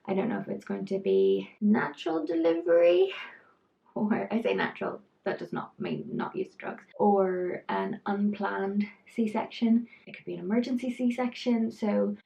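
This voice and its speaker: A young woman with a medium-pitched, creaky, slightly mellow voice gives frank, chatty pregnancy advice straight to camera, drifting off into asides. She's a pregnancy vlogger doing casual talk-to-camera, and the recording sounds muffled.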